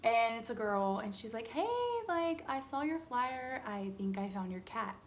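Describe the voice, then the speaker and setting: A young woman vlogger telling a story in casual chat, animated and swearing freely as she dramatizes it. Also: on the high side, normal speed, a little hiss or hum.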